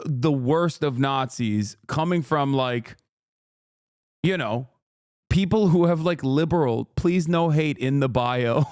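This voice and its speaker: A man's voice: on the high side, clear, resonant tone, no echo. A man livestreaming casual political commentary, ranting in a sarcastic, profane, heated way on a close mic.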